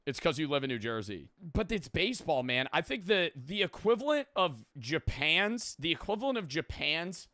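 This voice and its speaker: A man's voice: on the high side, big pitch swings, a little fast, few pauses, pushed and bright, no room sound, clean studio sound. A young man streaming, reacting in casual, rambling and profane talk.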